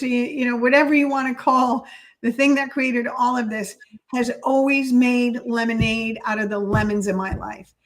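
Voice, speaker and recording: A middle-aged woman talks as a podcast guest in an earnest, reflective way. Her voice sits a little high for a woman. She speaks in relaxed conversation. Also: poor audio. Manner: earnest, reflective, spiritual in outlook. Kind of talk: casual conversation.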